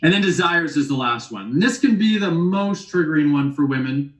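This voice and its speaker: A man's voice: a little high, lively intonation, a little fast, a bit bright. A man leading a relationship workshop, talking casually and teasing his audience with rhetorical questions. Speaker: workshop teacher. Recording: echoey room.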